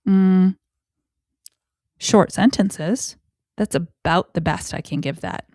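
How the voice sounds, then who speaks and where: A woman hosting a parenting talk show, speaking expressively, slowing down to stress key words and dropping into whispered asides. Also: dry recording, clean studio sound. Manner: expressive, with sudden pitch jumps and whispered asides; slow, deliberate emphasis on key words. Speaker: parenting educator. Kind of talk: podcast talk on child communication.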